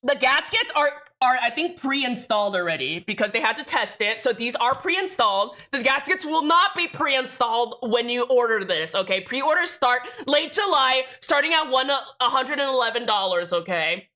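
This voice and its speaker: A woman's voice: sits high, expressive, normal speed, hardly any pauses, sharp tone. A young woman streamer chatting casually with her viewers, sassy and profane, joking through everything. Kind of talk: casual live-stream chat.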